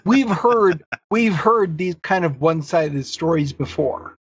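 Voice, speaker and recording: A woman's voice: on the low side, lively intonation, a little slow, breathy edge, no room sound. A woman co-hosting a podcast in casual chat, dry and skeptical. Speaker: podcast co-host. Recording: dry, slightly dull lo-fi audio.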